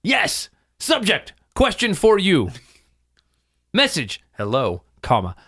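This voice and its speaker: A man co-hosting a loose comedy podcast. His pitch swings all over the place as he reads out listener mail and cuts in with curses and mock exasperation. He sits a touch above the usual male register. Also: slow pace. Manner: animated, sweary, mock-exasperated. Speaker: podcast co-host. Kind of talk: casual banter, reading listener mail.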